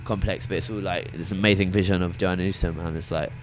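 A man's voice: low-pitched, fairly even intonation, quick pace, a little hiss or hum. A young man chatting casually about his favourite records, rambling with many restarts. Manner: rambling, hesitant, full of restarts. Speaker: shop visitor sharing records. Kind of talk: casual chat. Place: record shop in a venue.

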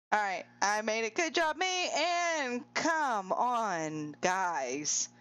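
A woman streamer giving excitable, giggly live commentary on a game race and cheering the players on. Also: on the high side, extremely slow.

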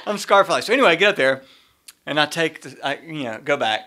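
A middle-aged man co-hosting a podcast, telling an animated story in a casual way and laughing often. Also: on the high side, fast talker. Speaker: podcast co-host.

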